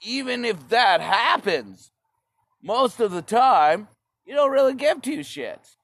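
A man's voice: extremely high pitch, very animated, takes it slowly, a bit bright, no room sound. A man delivering a profane, sarcastic stand-up rant, rambling and swearing often. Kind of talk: profane ranting stand-up monologue.

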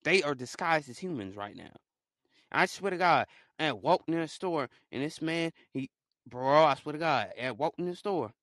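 A young man with a fairly high voice rambles on in an excitable solo monologue, dropping to low mutters and then bursting out loud. The recording is close and dry, with no room sound around him. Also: moderate pace, no echo. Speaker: podcaster.

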